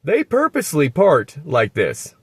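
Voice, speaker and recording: A man's voice: on the high side, wildly swooping pitch, a little slow, noisy background. A man ranting in a rambling, profane, sarcastic way in a casual vlog, filming on his phone outdoors in a parking lot. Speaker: vlogger.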